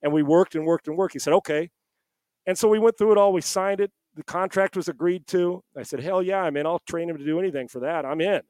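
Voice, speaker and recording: Middle-aged male podcast guest on a headset, slightly higher voice, dry close sound, lively anecdote teller. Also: fast talker, dry recording. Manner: animated storyteller, acts out quoted dialogue. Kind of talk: casual storytelling. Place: home.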